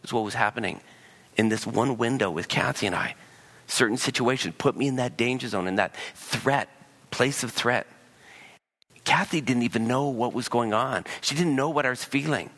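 A man preaching a sermon as pastor, animated and acting out voices in the dialogue he quotes. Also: mid-range voice, moderate pace.

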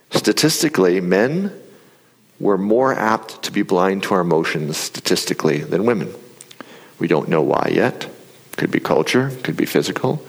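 A man preaching a sermon in a conversational, animated storytelling way. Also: on the low side. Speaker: pastor. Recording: reverberant hall.

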